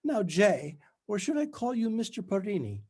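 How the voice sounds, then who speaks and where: A man voicing a brisk woman tutor in her fifties, with a strangulated voice forced through gritted teeth and a falsely bright, bossy manner. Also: high-pitched, sing-song, husky, voice pushed up, exaggerated voice. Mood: prim, falsely cheery. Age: 50s. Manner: unbearably faux bright, prim and bossy.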